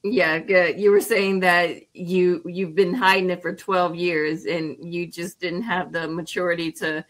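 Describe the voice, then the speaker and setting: A woman's voice: fairly low pitch, little pitch movement, measured pace, a bit bright. A woman hosting an interview over a video call, asking short questions and affirming answers. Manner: friendly, affirming, brief prompts. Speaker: host.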